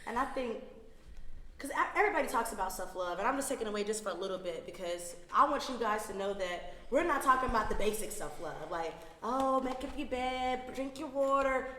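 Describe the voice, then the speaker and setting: Young woman from Atlanta, podcast guest, earnest and explanatory, mid-pitched, roomy echoing recording. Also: expressive, fast talker, fairly bright tone, a little hiss or hum. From Atlanta, Georgia. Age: 20s. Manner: earnest, explaining wellness ideas at length. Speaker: podcast guest, wellness entrepreneur. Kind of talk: casual podcast chat. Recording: echoey room with long reverb.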